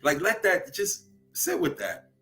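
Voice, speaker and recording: A man's voice: high-pitched, very animated, unhurried, a bit bright, soft background music. A young man from Louisiana with a Southern accent hosts a spiritual livestream talk in a preachy way, often asking "right?" to check in with his viewers.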